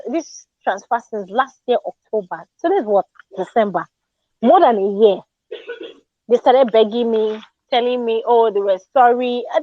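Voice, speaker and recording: A Nigerian woman telling an indignant story in a casual, animated way, slipping into Pidgin. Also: on the high side, dry recording, highs cut off. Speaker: Twitter Space speaker.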